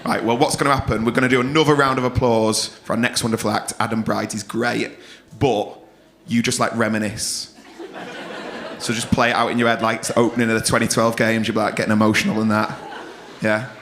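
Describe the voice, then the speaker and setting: A man's voice: fairly low pitch, level tone, brisk, a bit bright. A man hosting as compere in a comedy club, teasing audience members with cheeky banter before bringing on the next act. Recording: live comedy club with clear audience noise.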